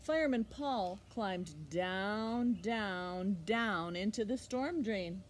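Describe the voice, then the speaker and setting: A woman librarian reading a picture book aloud to children, expressive and animated, pausing for little asides to the listener. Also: mid-range voice, a little hiss or hum. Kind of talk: storytime read-aloud for children.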